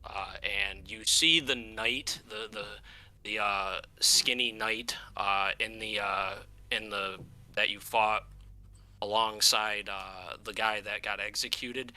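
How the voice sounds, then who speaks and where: Low-voiced, forceful game master. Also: male voice, steady tone. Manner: halting, many fillers. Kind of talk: narrating a tabletop game.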